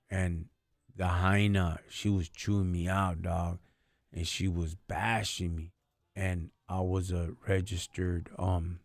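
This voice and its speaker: A man's voice: low-pitched, no echo, studio quality. A man hosting a live stream, telling stories in a slangy, casual and earnest way. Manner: slangy and street-casual, often says "dog" and "homie"; earnest, faith-focused. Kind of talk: casual storytelling chat.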